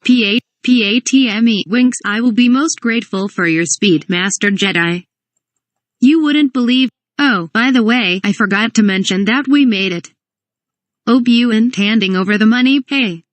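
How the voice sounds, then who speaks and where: Reading a comedic parody script aloud, a woman with a fairly high voice goes through both stage directions and dialogue, spelling some words out letter by letter. She speaks at normal speed, and there's no echo.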